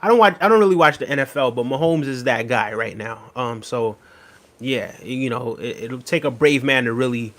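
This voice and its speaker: A man's voice: mid-range voice, moderate pace, a bit bright. A man with an ordinary mid-range voice hosts a livestream. He chats casually with viewers, reading their comments aloud, repeating phrases and laughing often. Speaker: livestream host.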